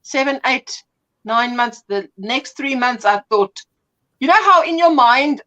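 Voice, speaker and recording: Middle-aged woman, livestream host, high bright voice, animated casual chat. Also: unhurried, rough recording. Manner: animated, laughing storyteller.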